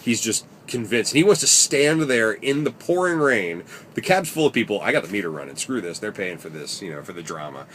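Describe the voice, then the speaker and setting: A man's voice: lowish voice, animated, brisk, hardly any pauses, fairly bright tone, a little hiss or hum. A man telling stories from his taxi shifts in a rambling, wry way, sometimes swearing, recorded inside his cab. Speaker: taxi driver. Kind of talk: casual storytelling vlog.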